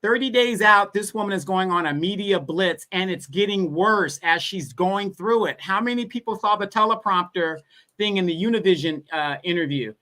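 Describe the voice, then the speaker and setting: A man with a high, bright voice, speaking as a guest on a live online talk show. He argues emphatically and drives his points home through repetition. He speaks in a loose, conversational style. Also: moderate pace. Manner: emphatic, builds arguments with repetition. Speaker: guest commentator. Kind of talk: casual political talk.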